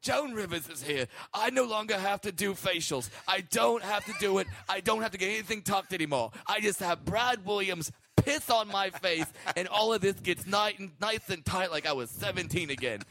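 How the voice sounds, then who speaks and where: A man doing an impression of a brash, gossipy older woman comedian, pushing his voice well up into a lively, swooping register. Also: high-pitched, moderate pace, few pauses, a little hiss or hum, pitched above the performer's own voice, heavily acted. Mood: gushing. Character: raspy older woman comedian gushing about facials.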